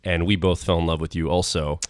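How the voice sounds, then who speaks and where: A man's voice: low voice, little pitch movement, brisk, dry recording. A man hosting a podcast, introducing a guest in a rambling, filler-heavy way. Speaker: podcast host. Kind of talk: casual interview chat. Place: home recording.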